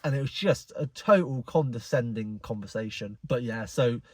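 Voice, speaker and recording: A man's voice: mid-range voice, normal speed, a little mellow, dry recording. A young man telling a frustrated story to camera, incredulous and rambling. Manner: exasperated, incredulous, rambling with many "like"s. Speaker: car enthusiast vlogger. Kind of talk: casual storytelling rant.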